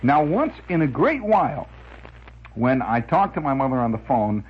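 Husky man telling rambling radio stories. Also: medium pitch, normal speed, highs cut off. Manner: lively, chuckling, full of filler "uh"s. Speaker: radio monologist. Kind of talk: rambling storytelling monologue.

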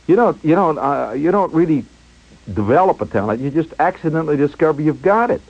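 An animated male radio host spinning a personal story, his slightly high voice swooping up and down as he chuckles and mimics sounds. The broadcast sounds muffled and lo-fi. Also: a little fast. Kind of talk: storytelling monologue on air.

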